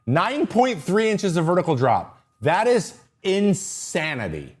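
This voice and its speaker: Speaking a little slowly with a breathy edge, a male host breaks down pitchers during a casual podcast livestream. His energy runs high, he's easily distracted, and he often stops himself mid-sentence.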